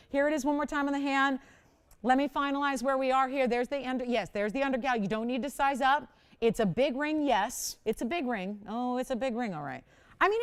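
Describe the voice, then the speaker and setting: A middle-aged woman hosts live jewelry sales from a TV studio, her voice smooth and a little high. She rattles on chattily, pokes fun at herself and breaks into laughs between pitches. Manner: chatty, self-mocking, laughs often. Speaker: jewelry shopping host. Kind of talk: live shopping presentation. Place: TV shopping studio.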